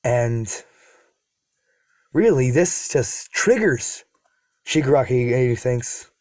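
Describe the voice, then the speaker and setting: A man's voice: medium pitch, lively intonation, slow, pauses often, a little mellow, dry recording, clean studio sound. A man retelling a fan story in a casual, rambling way, with self-deprecating asides to his viewers. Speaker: YouTube storyteller.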